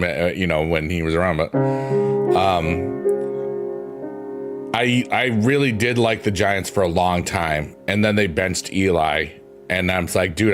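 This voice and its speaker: A man from New York rambling casually on a stream, meandering and playful as he talks to his chat. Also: deep voice. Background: piano music.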